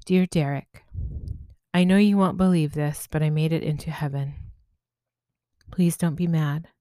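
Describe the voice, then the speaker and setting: A woman's voice: deep voice, steady tone, measured pace, dark tone, no room sound. A woman voicing a young woman spirit who is thoughtful, hesitant and fearful. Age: young adult.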